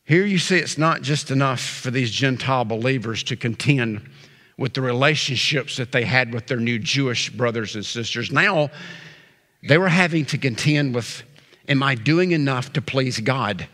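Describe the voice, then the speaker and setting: A man preaching a sermon as pastor, emphatic, slowing down and pausing on key words. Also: mid-range voice, sharp tone. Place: church sanctuary. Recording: church sanctuary reverb.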